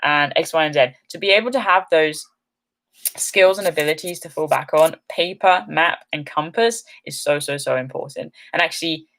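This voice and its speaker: A woman's voice: low voice, moderate pace, vocal fry, fairly bright tone. A woman hosting an outdoor channel's live stream, chatting upbeat and rambling with many ums while reading comments, a little tired.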